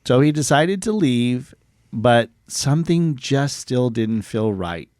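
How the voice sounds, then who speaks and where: A man's voice: medium pitch, lively intonation, takes it slowly, darkish tone, dry recording, clean studio sound. Joking male podcast co-host. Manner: joking, laughs often, stumbles over words. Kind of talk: casual chat, retelling true stories.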